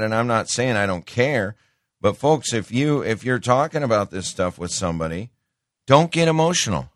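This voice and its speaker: Plainspoken middle-aged male talk host, preachy and opinionated; low voice, dry booth sound. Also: expressive, normal speed, no room sound. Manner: folksy, plainspoken, calls listeners folks; preachy, quotes scripture. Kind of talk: opinionated political commentary.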